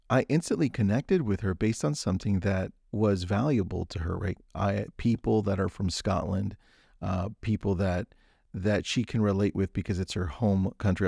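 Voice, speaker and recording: A man's voice: lowish voice, gravelly, mellow, dry recording, clean studio sound. A man hosting a solo podcast, telling a story in an upbeat way with frequent restarts. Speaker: podcast host.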